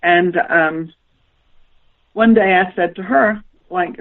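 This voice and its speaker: A woman's voice: fairly low pitch, takes it slowly, long pauses. Woman telling stories over a tinny phone line. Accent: Southern American. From Southern United States. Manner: rambling, animated storytelling with laughs. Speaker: guest author. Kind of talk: storytelling in a phone interview.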